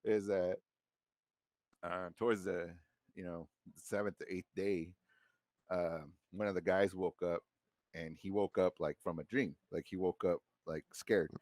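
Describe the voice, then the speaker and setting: Male podcast guest, deep voice, laid-back storyteller who rambles with slang. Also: steady tone, measured pace, darkish tone, no echo, clean studio sound. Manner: loose and rambling, heavy slang and swearing. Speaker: podcast guest, former Marine. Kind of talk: casual storytelling.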